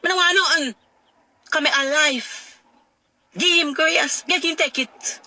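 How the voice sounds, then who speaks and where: A middle-aged woman with a Jamaican accent gives emotional personal testimony, recounting her painful story rawly and repeating her phrases. Her high voice is pushed and bright, and she speaks a little slowly.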